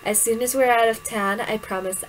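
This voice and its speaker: A woman voicing an earnest, secretive teenage boy in a story game, low and soft. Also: steady tone, normal speed, a little hiss or hum, lightly acted, rough recording.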